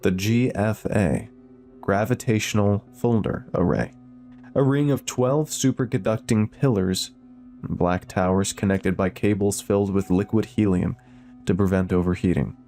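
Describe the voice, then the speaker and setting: A man narrating a scripted horror story in a steady, measured way. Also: on the low side. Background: faint music.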